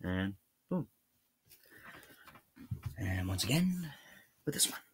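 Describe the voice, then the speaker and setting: A man's voice: lowish voice, sing-song, slow, breathy edge. A man with a Scottish accent chatting informally while he shows a hands-on task, thinking aloud as he works. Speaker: how-to video host. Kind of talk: casual hands-on tutorial.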